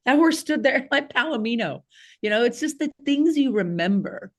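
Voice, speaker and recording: A woman, a podcast guest telling a childhood story in a casual, animated way with frequent laughs and fillers. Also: fairly high pitch, normal speed. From Southeast Missouri, USA.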